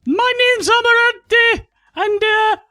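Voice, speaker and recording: A man voicing a bubbly young woman with a Geordie accent, in a high squeaky falsetto that rambles on with fillers. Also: steady tone, slow, bright, forceful tone, no room sound, studio quality, soft background music, heavily acted. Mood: chirpy.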